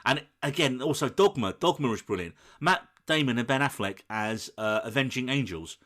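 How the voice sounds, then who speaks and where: Guy on a movie podcast, mid-pitch, gets animated acting out bits. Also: moderate pace. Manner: animated storytelling, acts out quoted lines. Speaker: podcast co-host. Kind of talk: casual film chat.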